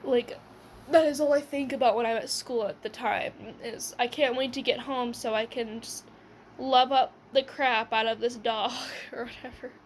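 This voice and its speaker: Young woman rambling thru a story, says like a lot, kinda high voice, faint hiss behind. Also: fairly even intonation, normal speed. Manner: rambling, full of "like" and "whatever", laughing. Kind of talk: casual storytime.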